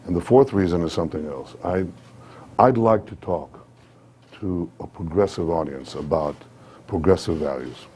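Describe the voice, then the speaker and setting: Low, dark-voiced man. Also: a little hiss or hum. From Israel. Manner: measured, hesitant with many fillers. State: sore throat. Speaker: guest speaker. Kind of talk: public remarks at a think-tank event.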